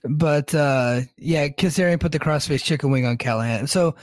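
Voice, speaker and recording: A man hosting a casual wrestling recap podcast, relaxed, laughing often and swearing. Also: fairly high pitch, moderate pace, no echo, studio quality. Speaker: podcast host recapping a show.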